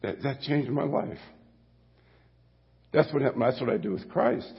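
A man's voice: mid-range voice, lively intonation, normal speed, creaky, pauses often, husky. An older man preaching a sermon as pastor, folksy and rambling, stumbling over restarts and slipping into asides. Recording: dull lo-fi audio with long hall reverb.

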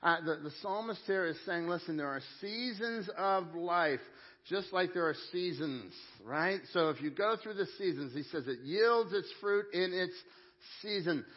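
Middle-aged male pastor, fairly high voice, lively conversational sermon, dull lo-fi recording. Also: normal speed. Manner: conversational, emphatic, talks to congregation. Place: church sanctuary. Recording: dull lo-fi sound.

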